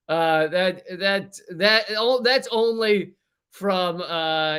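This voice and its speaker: A man's voice: sits high, drawn-out words, a bit bright, clear, resonant tone. A man hosting a livestream, ranting in a casual, profane, rambling way with many restarts. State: sweating from heat. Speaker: comedian livestream host.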